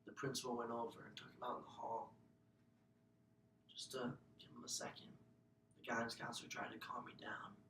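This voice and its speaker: A young man giving an earnest, emotional personal testimony as a student speaker, often dropping to a hushed, breathy voice. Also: flat delivery, moderate pace, long pauses. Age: young adult. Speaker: student speaker telling his own story. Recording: echoey room, mic far off, faint rumble.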